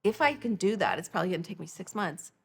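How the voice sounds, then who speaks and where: A woman's voice: on the low side, quick pace, creaky, breathy edge. A middle-aged woman, a podcast guest, telling her personal story with animation and acting out the dialogue. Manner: animated, acts out quoted dialogue. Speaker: guest, nonprofit founder.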